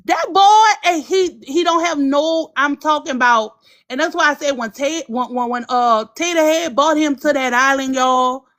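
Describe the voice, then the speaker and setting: A woman's voice: sits high, moderate pace, a bit bright. A woman, hosting a livestream and talking in a blunt, impassioned, profane way. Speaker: livestream host. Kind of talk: emotional livestream commentary.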